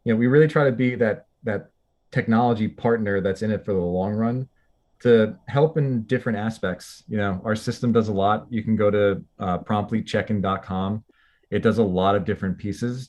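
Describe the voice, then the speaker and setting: A man with a fairly low voice speaks as a guest on a podcast. His talk is loose and conversational, with plenty of casual fillers strung between his points. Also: a little mellow. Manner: loose and chatty, many "like" and "you know" fillers. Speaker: company representative guest.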